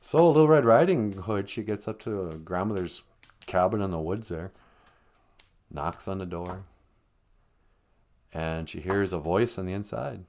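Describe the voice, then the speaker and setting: A man's voice: deep voice, lively intonation, a little slow, pauses often, darkish tone. Rambling joking male storyteller. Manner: rambling, with joking asides and self-corrections. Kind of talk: casual comedic storytelling on a live stream.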